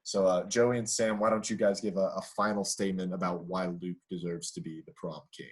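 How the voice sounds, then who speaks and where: Husky young man hosting a podcast. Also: sits low, level tone, brisk. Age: young adult. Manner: hesitant, many fillers. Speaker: podcast host. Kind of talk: casual podcast chat.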